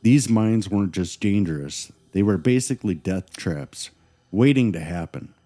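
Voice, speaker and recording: A man's voice: on the low side, expressive, moderate pace, mellow. A man co-hosting a paranormal podcast, telling eerie stories with dramatic, teasing delivery. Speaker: podcast co-host. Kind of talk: scripted paranormal podcast chat.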